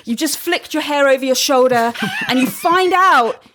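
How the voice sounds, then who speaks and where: A woman's voice: high voice, normal speed, a bit bright, a little hiss or hum. A woman co-hosting a casual chat, teasing the others dryly. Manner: dry, teasing. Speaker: podcast co-host.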